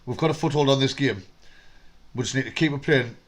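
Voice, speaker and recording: A man, co-hosting a fan live stream and chatting casually about football, telling stories with some swearing. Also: mid-range voice. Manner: quick, chatty storytelling with swearing.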